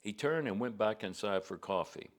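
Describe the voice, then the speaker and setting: A man's voice: lowish voice, expressive, moderate pace. A man preacher telling a story in a homespun, conversational way. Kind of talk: storytelling to a congregation.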